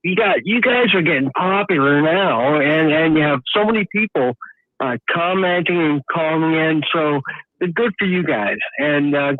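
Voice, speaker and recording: Excited man on a tinny phone line. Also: on the high side, measured pace, dry recording. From Canada. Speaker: caller. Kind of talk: phone call-in.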